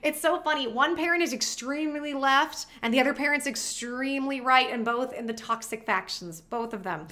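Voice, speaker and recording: Bright, high-voiced chatty woman. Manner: animated, chatty, quick asides to viewers. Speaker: vlogger. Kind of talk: casual storytelling to viewers.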